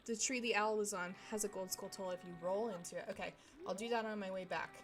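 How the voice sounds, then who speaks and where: A woman's voice: medium pitch, fairly even intonation, fast. A woman streamer from Texas, chatting casually with viewers while she plays a game. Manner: chatty, talks to chat while playing. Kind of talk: casual gaming stream chat. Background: video game music.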